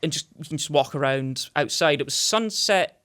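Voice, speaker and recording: A young man with a notably high-pitched voice tells a long story as a podcast guest. He rambles, stacks up fillers and gets animated as the tale builds. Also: moderate pace, smooth. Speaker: podcast guest, indie filmmaker. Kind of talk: casual anecdote telling.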